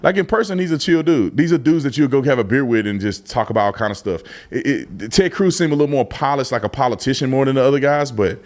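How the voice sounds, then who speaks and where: A man hosting a casual reaction commentary, slangy and animated, breaking into mocking impressions. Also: medium pitch, fast, few pauses. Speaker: commentary channel host.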